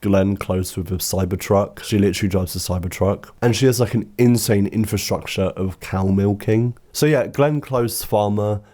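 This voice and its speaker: Man, young adult, video essay commentary, wry sarcastic asides, fairly low voice, mellow tone. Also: normal speed, few pauses. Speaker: film critic and video essayist.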